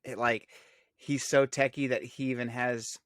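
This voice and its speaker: Man, mid-pitched voice, easygoing podcast chat, dry close mic. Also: flat delivery, a little slow, a bit bright, no room sound. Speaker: podcast co-host. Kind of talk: casual chat.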